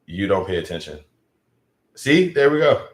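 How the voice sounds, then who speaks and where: A man's voice: lowish voice, big pitch swings, moderate pace. Rambling, self-mocking man in an echoey room. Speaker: live streamer reading chat. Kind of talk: casual live-stream chat.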